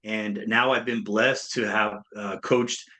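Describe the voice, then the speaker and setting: A man's voice: lowish voice, slow. A man in his thirties, a speaker and coach, telling his story in an interview and acting out the voices of people he quotes. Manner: animated, acts out quoted voices.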